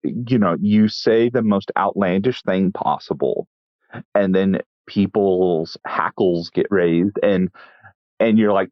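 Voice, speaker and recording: A man from Texas, a chef telling stories in a casual interview with wry, deadpan humor and frequent restarts. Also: deep voice, takes it slowly, dry recording, muffled recording. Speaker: chef and guest.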